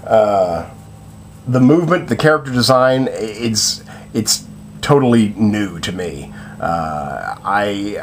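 A man's voice: lowish voice, slight background noise. A man giving a casual spoken film review, hesitant and full of fillers and restarts.

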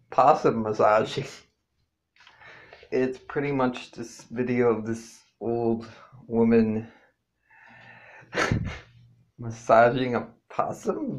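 A man's voice: medium pitch, vocal fry. A man chatting casually in a vlog as he answers tag questions, rambling and swearing freely, with plenty of fillers and restarts. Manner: rambling, loose and profane, with many fillers and self-corrections. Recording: dull lo-fi home recording.

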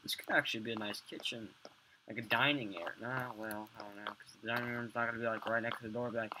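A man's voice: medium pitch, fairly even intonation, quick pace, poor audio. A young man swearing and muttering to himself as he builds in a game, rambling casual commentary. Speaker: gamer. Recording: loud background noise, mouse clicks.

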